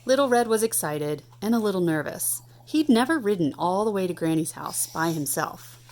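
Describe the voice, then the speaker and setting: A woman in her thirties reading a picture book aloud at home to a child, animated and playful. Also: on the low side, moderate pace. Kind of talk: storybook read-aloud.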